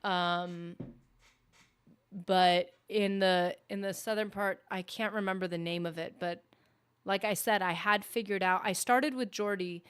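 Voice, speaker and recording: A woman's voice: medium pitch, steady tone, measured pace, clear, resonant tone. A woman gaming streamer chatting casually and rambling while she plays, often correcting herself. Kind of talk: casual live-stream chat.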